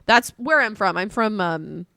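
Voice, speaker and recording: A woman from North Carolina with a North Carolina Southern accent, chatting casually with viewers on a live stream in a rambling, animated way. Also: mid-range voice, a little slow, vocal fry, clear, resonant tone, no room sound, studio quality.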